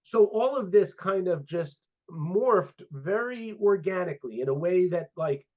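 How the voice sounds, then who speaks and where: A man in his fifties talks through his career as a guest psychologist, acting out quoted conversations as he goes. His voice sits a little high for a man. The audio is muffled and lo-fi. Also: unhurried. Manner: animated storyteller, acts out quoted dialogue. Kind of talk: casual interview storytelling. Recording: dull lo-fi audio.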